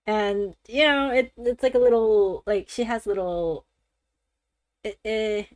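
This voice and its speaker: A woman streamer chatting casually during a game, rambling and animated, laughing often and swearing freely. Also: mid-range voice, slow pace, dry recording. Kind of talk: casual gaming-stream chat.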